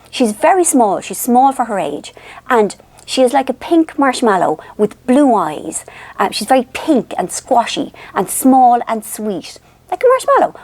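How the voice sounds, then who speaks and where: Chatty irish woman telling stories to camera, animated, fairly high voice. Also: dry recording. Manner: chatty, animated storyteller, self-deprecating. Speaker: vlogger. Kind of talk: casual chat to viewers.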